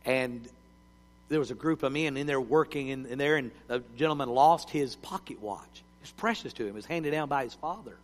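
A male preacher, telling stories in a sermon and swinging between loud cries and hushed words. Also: mid-range voice, brisk. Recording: long hall reverb.

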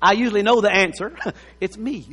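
A preacher delivers a sermon in an unhurried, folksy way, breaking into laughter and teasing asides. His voice sits very high and bright, and it rings out with a long reverb, as in a large sanctuary. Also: breathy edge. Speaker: pastor.

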